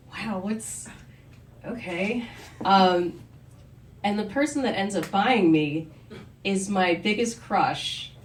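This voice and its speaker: Storyteller: woman, lowish voice, candid wry delivery, roomy distant live recording. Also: a little hiss or hum. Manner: candid, conversational, with wry asides. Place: story night venue.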